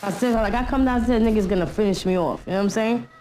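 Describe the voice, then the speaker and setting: A woman's voice: mid-range voice, fast, mellow, faint music behind, poor audio. Blunt New woman, street slang. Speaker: interviewee. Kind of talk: candid documentary interview.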